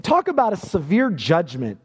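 A man's voice: high-pitched, wildly swooping pitch, moderate pace, slightly rough. Emphatic preacher man in a reverberant hall. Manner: emphatic, repeats words when stressing points. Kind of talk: sermon.

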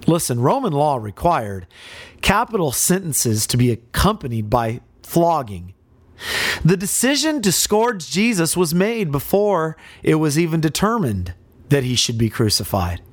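A man's voice: on the high side, very animated, unhurried, dry recording. A male preacher giving a dramatic sermon, asking rhetorical questions and speaking directly to his listeners.

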